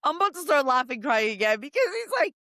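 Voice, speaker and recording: A woman's voice: sits high, quick pace, dry recording, clean studio sound. A woman co-hosting a casual comedy film review podcast, swearing freely and laughing as she tells the story. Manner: profane, laughing, animated storytelling. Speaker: podcast co-host.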